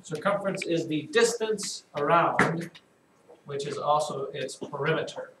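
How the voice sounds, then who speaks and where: A male math teacher leading a classroom lesson, slowly repeating key terms and calling on pupils by name. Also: a little high. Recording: echoey classroom from far off with noise.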